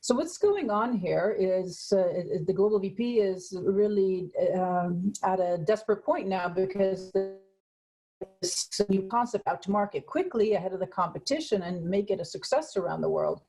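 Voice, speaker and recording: A woman from San Francisco presenting as a guest speaker in a webinar over a video call, telling a story at an unhurried pace with frequent pauses. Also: medium pitch, expressive, mellow, breathy edge, low-quality recording. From San Francisco, USA. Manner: unhurried storytelling, pausing often.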